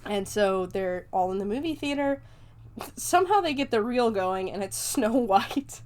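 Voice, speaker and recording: A woman's voice: medium pitch, animated, normal speed, a little mellow. A young woman hosting a podcast, chattily recapping a movie with lots of fillers and casual swearing. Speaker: podcast host.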